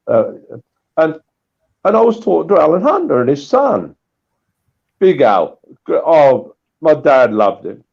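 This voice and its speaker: A man swapping old anecdotes in a casual chat, animated and full of restarts. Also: on the high side, a little slow, vocal fry, pauses often, slightly rough, highs cut off. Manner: animated storytelling with repeated restarts. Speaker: guest storyteller.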